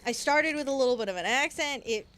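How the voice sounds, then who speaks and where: High-voiced giggly woman playing a game. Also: quick pace, fairly bright tone. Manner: giggly, self-mocking. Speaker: game streamer. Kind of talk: casual let's-play chat.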